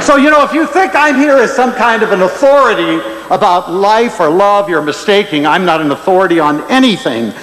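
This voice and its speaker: A man lecturing to an audience in a large hall, voice rising and falling as he tells his stories. His pitch sits a little high and swings widely. The sound is roomy with a long reverb tail. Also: a little fast, few pauses, a little hiss or hum. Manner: animated, expressive storytelling. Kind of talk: inspirational lecture with anecdotes.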